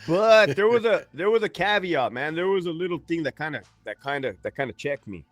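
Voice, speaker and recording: A man's voice: fairly high pitch, animated, fairly quick, dry recording, soft background music. A man in his forties from California, telling his story as a guest in a casual, slangy, profane way. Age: 40s. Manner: laid-back, slangy, profane. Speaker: guest, army veteran.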